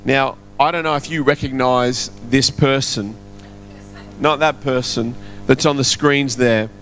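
A man's voice: medium pitch, fairly even intonation, a little slow. A man preaching a sermon in a church, chatty and quizzing the congregation. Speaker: pastor. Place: church hall. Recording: soft music behind.

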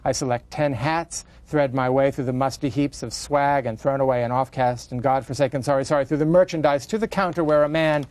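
A man's voice: mid-range voice, steady tone, fairly quick, hardly any pauses, darkish tone, no room sound, natural voice. A man reading aloud as a chatty middle-aged British housewife, in his own voice, in ornate run-on sentences that keep breaking off to apologize. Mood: wry rambling. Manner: ornate run-on monologue with self-interruptions.

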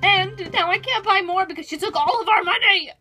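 A woman's voice: extremely high pitch, fairly quick. A young woman voicing a toy pet who plays a young husband obsessed with toothpaste, whiny and dramatic, in a toy role-play video. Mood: despairing. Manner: whiny, dramatic, prone to screaming outbursts. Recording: music playing underneath.

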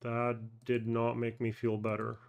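A man hosting a personal finance channel, thinking aloud through a casual live screen-share walkthrough, halting with fillers and self-corrections. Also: mid-range voice, monotone, vocal fry, clear, resonant tone. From Canada.

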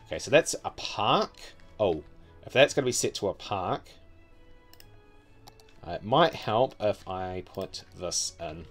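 A man's voice: fairly low pitch, expressive, a little slow, long pauses, fairly bright tone, faint music behind. A man with a New Zealand accent giving casual, offhand commentary as he builds a city in a game, muttering wryly to himself.

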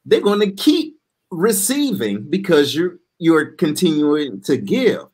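A male host running a live online show, cutting in with lively, emphatic asides to his viewers. His voice is husky and swings widely in pitch as he talks. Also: takes it slowly. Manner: animated, interjecting, preachy asides. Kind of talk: casual live talk show.

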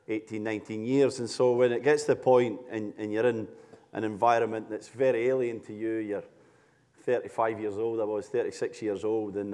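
A man's voice: on the low side, a little mellow. A man in his thirties with an English accent, a former soccer player speaking on stage in a reflective way. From England. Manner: reflective, with small restarts. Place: large hall on stage. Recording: reverberant hall.

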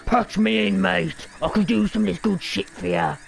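An Australian woman chatters through her gameplay in loose, slangy, heavily sworn commentary. Her voice sits in an ordinary middle pitch, and faint game music plays behind her. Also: normal speed, gravelly. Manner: profane, rambling, slangy banter. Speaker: game streamer.

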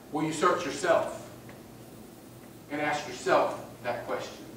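A man's voice: on the high side, fairly bright tone. A male pastor preaching a sermon, emphatic and repetitive, often calling out "amen?" to the congregation. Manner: emphatic, repeats phrases, asks congregation "amen?". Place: church sanctuary. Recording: echoey hall, far from the mic, faint noise.

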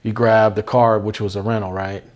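A man interviewing a guest, asking long questions with pauses and restarts. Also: on the low side, level tone, a little mellow. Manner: hesitant, many fillers and restarts.

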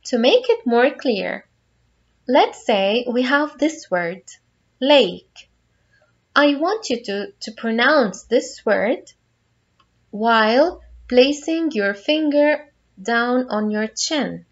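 Slow, patient woman phonics teacher. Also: fairly high pitch, expressive, highs cut off. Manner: slow, patient, spells out each word step by step. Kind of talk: phonics lesson for young children.

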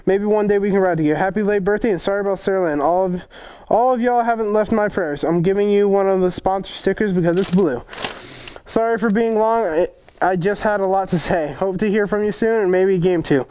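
Brief: male vlog host, high-pitched, profane and jokey, unboxing fan mail. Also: brisk, a little mellow, smooth. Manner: profane, joking, rambling. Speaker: motovlog host.

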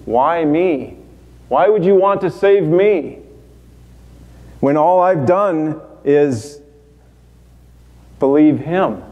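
An actor playing a dying, repentant male thief in a dramatic monologue, speaking in halting, broken phrases. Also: fairly high pitch, highs cut off. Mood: awed hopeful. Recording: long hall reverb.

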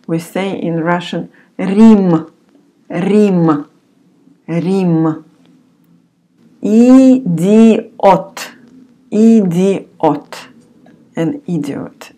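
A woman teacher recording a beginner language lesson, saying each word slowly and repeating it several times for learners to follow. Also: lowish voice, warm tone, breathy edge.

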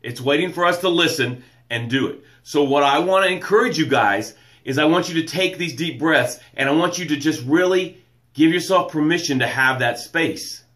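A man hosting a live motivational show, energetic, greeting viewers by name and reading their comments aloud. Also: moderate pace. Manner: drops soft and low to read quotes and breathing cues. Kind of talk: live-stream motivational talk.

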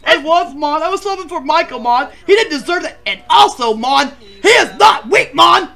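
A man voicing an overemotional bachelor contestant who swings into shouting, in a comedic voice performance. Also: very high voice, expressive, moderate pace, gravelly, heavily acted. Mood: distraught. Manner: melodramatic, swings to shouting, keeps saying "Mon". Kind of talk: comedic voice acting.

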